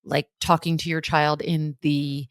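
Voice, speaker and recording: Low-voiced woman co-host, chatty. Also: flat delivery, unhurried, dry recording, studio quality. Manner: chatty, relating anecdotes, filler "like". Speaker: podcast co-host. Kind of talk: casual podcast chat.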